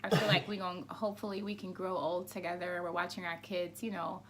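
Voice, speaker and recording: A young woman co-hosting a podcast, telling lively stories with laughs in a casual chat. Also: lowish voice, slight background noise. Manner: lively storyteller, quick to laugh. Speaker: podcast co-host.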